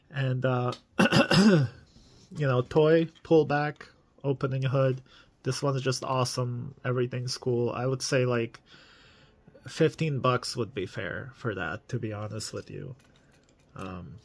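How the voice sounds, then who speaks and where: A man with a gravelly edge to his mid-pitched voice talks through his collection. He is chatty and enthusiastic, rambling with plenty of fillers as he reviews toy cars for his viewers. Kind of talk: casual video review.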